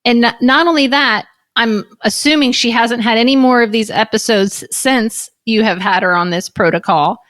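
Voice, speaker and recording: A woman's voice: on the high side, normal speed, few pauses, a bit bright. A woman hosting a podcast interview, making her points emphatically and passionately, often in long lists. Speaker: podcast host.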